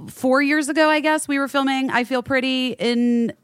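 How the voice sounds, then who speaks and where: A woman co-hosting a podcast, telling stories in a chatty, animated way. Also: sits high, normal speed, smooth, dry recording, studio quality. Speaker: podcast co-host. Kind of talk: casual chat.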